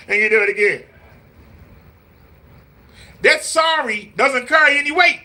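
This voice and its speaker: A man speaks in a bright, high voice, lecturing his live-stream viewers. His talk is preachy and repetitive. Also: a little fast, long pauses. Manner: mimics voices in quotes. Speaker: vlogger.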